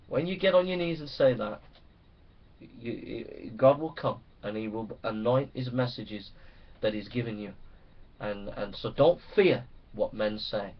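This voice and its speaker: A man's voice: medium pitch, unhurried. A man preaching a sermon to pastors, reading scripture and urging them on with fervent, rising exhortation. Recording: dull lo-fi recording.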